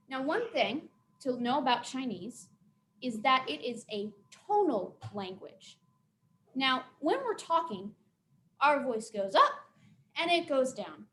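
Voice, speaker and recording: A young woman telling a folk tale to children and then teaching them simple words, expressive and careful. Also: sits high. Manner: expressive, dramatic storytelling to children; slow, careful pronunciation drills. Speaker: storyteller and teacher. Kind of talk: children's storytime reading and teaching.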